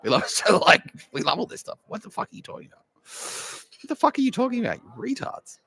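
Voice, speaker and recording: A man doing an exasperated, high-pitched student crowd. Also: sing-song, quick pace, creaky, exaggerated voice. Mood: indignant. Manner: incredulous, profane, shouting back.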